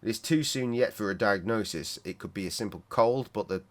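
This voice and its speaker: A man's voice: lowish voice, lightly acted. A man doing a grave, formal doctor. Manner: measured and formal.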